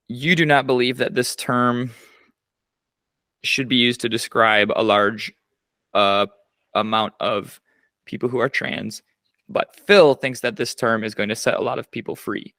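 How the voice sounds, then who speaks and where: A man's voice: mid-range voice, a little slow, gravelly, long pauses, pushed and bright, dry recording. A man hosting a podcast, asking loose, conversational questions with casual fillers. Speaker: podcast host.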